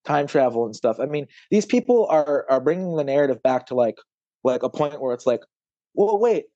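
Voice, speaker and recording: A man's voice: mid-range voice, animated, brisk, mellow, no room sound, dull audio. A man on a podcast talking emotionally and rambling with many fillers, near tears, swearing at times. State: close to tears. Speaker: podcast guest. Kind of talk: emotional conversation.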